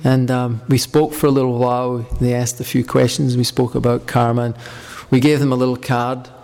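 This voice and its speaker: A man's voice: medium pitch, little pitch movement, brisk, long reverb tail. A man leading a devotional group, talking informally and telling rambling anecdotes between questions. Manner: rambling, anecdotal, warm storytelling.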